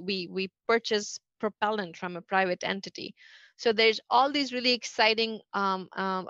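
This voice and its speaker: A middle-aged woman speaks quickly in an interview, stumbling through fillers and restarts. Her voice sits at an ordinary pitch. The sound is dry and a bit dull, like a video call. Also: a bit bright, dry recording. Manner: fast, halting, many fillers and restarts. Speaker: NASA associate administrator, interview guest. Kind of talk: conversational interview answers.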